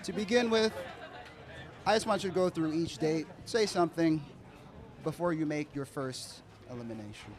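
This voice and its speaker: A man hosting a live dating show, energetic and hyping up the audience. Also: fairly high pitch, moderate pace. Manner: energetic, hypes the crowd. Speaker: host.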